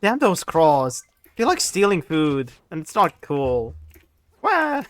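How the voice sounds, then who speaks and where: A man's voice: on the high side, very animated, slow, dry recording. A young man chatting casually on a live stream while gaming, rambling animatedly and laughing often.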